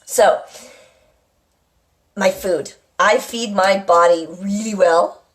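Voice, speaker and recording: A woman's voice: mid-range voice, takes it slowly. Chatty rambling woman. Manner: chatty, rambling, often asks "right?". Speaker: live-stream host. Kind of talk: casual live chat to viewers. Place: at home with a kitchen nearby.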